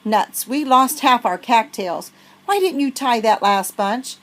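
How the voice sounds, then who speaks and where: A woman's voice: a little high, expressive, measured pace, a bit bright. A bold, bragging young girl, as a woman reads her in a storybook. She sounds impatient and boastful, close to the reader's own voice.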